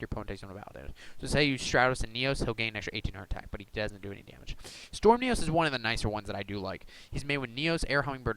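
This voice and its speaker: A man's voice: medium pitch, fairly bright tone, slight background noise, low-quality recording. A young man casually walking through his card deck, rambling with many ums and uhs. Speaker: YouTuber showing a card deck. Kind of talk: casual deck profile talk.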